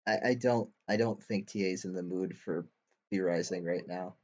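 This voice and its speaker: Low-voiced man, dull lo-fi sound. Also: fairly even intonation, normal speed, a little mellow. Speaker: co-host of a reaction stream. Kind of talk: casual chat.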